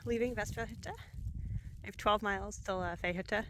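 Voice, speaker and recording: A woman's voice: mid-range voice, steady tone, moderate pace, fairly bright tone, slight background noise, low-quality recording. A woman talking to her camera while skiing alone on a snowy mountain trail, chatty and upbeat, laughing often and out of breath. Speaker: solo backcountry skier filming herself. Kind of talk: casual vlog narration.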